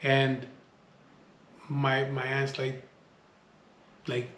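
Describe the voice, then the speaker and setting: A man's voice: mid-range voice, fairly even intonation, normal speed, pauses often, fairly bright tone, roomy sound. A man telling a tense personal story in casual speech, blunt and full of swearing, often restarting his sentences. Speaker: storyteller recounting a street standoff.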